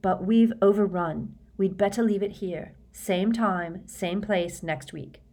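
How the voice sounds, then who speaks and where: A woman's voice: mid-range voice, slow pace, mellow. A woman voicing an earnest teenage boy who leads a group, speaking directly and encouragingly in a storybook reading. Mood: plain.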